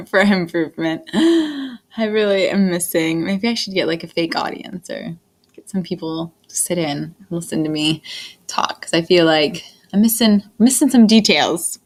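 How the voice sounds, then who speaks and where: A woman teaching a history lesson in a recorded lecture, talking in an unhurried, fairly monotone way with frequent fillers and restarts. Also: on the low side. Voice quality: monotone delivery. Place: indoors, screen-recorded lecture.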